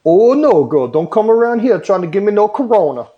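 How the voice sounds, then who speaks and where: A man putting on a high, brassy voice to play a scolding woman working at a gas station. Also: big pitch swings, fairly quick, dull audio.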